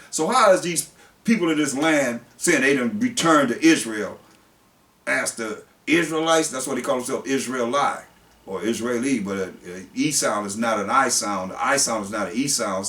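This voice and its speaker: A male preacher moves between slow scripture reading and blunt plain-spoken explanation. His voice is mid-pitched. He sits back from the mic, and the room around him sounds echoey. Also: a bit bright. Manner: reads scripture slowly, then explains it in blunt everyday speech. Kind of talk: sermon. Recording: roomy, distant mic.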